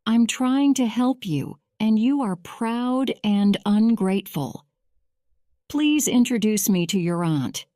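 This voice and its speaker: A woman voicing an excitable, boastful male toad in an audio storybook, pleading in a raised, louder voice. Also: takes it slowly, dry recording, clean studio sound. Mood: indignant. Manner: pleading, self-pitying, higher and louder than the narration.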